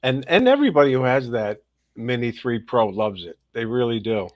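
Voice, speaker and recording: A man's voice: mid-range voice, moderate pace, no room sound. Upbeat man greeting livestream viewers. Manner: upbeat, greets viewers by name in a lively rising voice. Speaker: livestream host. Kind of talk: casual livestream chat. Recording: dull, slightly lo-fi dry sound.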